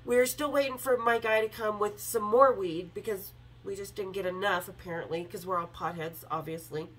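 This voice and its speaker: A woman hosting a podcast, candidly telling a story with swearing and animated quoted lines. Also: medium pitch, brisk, a little hiss or hum, low-quality recording. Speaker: podcast host. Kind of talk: casual storytelling.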